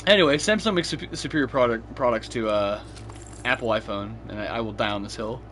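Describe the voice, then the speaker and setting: A man's voice: mid-range voice, fairly quick, a bit bright, slight background noise. A young man chatting casually while gaming, swearing freely and laughing through his stories. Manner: profane storytelling, laughs often.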